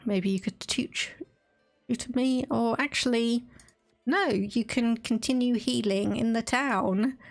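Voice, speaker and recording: Soft background music accompanies a woman with a slightly high, gravelly voice who speaks slowly. She is English with an Estuary accent, laughing and chatting casually as she live-streams a strategy game and reads its text aloud.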